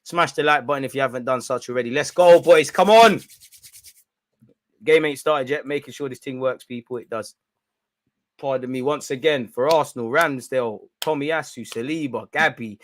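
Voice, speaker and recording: A young man giving excitable, slang-filled banter on a live football watch-along stream. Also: mid-range voice.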